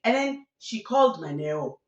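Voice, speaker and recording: A woman tells gossip stories on her channel in a chatty, animated way, mixing in local slang. Her voice comes from a little way off the mic, in a room with a noticeable echo. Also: lowish voice, normal speed, far from the mic. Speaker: YouTube commentator. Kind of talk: casual gossip commentary. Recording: roomy sound from away from the mic.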